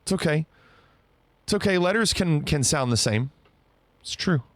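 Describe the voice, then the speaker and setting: A man's voice: a little high, lively intonation, normal speed, no echo. A man streaming live, chatting casually and playfully with his viewers. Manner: playful, bantering about pronunciation.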